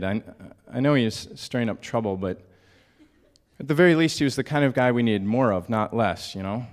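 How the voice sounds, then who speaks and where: A man performing a comic monologue on stage at a story slam, mock-sincere and wistful, with a deadpan delivery. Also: medium pitch, brisk.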